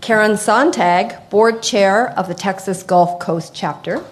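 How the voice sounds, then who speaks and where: Halting older woman moderating a panel. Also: medium pitch, crowd noise, background noise. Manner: halting, many fillers. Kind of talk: conference panel introduction.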